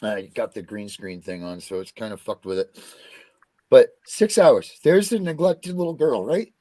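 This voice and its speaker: A man's voice: mid-range voice, moderate pace, warm tone. A man speaking as a guest on a talk show, angry and profane, ranting passionately. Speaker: guest, parent. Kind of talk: heated talk-show rant.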